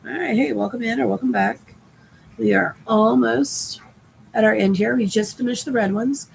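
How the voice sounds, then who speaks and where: A woman's voice: on the high side, normal speed, gravelly, slight background noise, rough recording. A woman chatting casually on a live stream while sewing, rambling and swearing lightly, her voice cracking and giving out. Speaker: crafting livestreamer.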